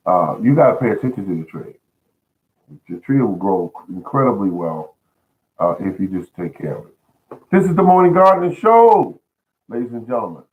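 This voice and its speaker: A man with a fairly low voice talks through gardening advice in a folksy, earnest manner. He repeats words and restarts his sentences as he goes. The sound is thin and tinny, like a phone line. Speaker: host of a home gardening show. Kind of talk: casual spoken gardening advice.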